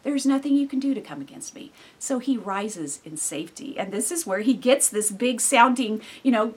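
Breathy woman teaching the Bible. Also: sits high, animated, moderate pace. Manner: swings between soft breathy near-whispers and loud emphatic bursts; earnest, heartfelt.

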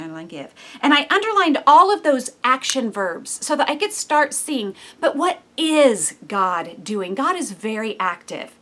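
A woman's voice: fairly high pitch, very animated, moderate pace, few pauses, sharp tone. A woman giving a devotional Bible teaching in an earnest, conversational way.

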